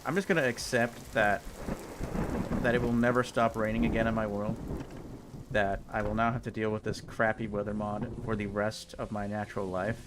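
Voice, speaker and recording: A man's voice: fairly low pitch, little pitch movement, normal speed, noisy background. A young man streaming a block game, ranting in exasperation and repeating himself as he plays. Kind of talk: casual game commentary.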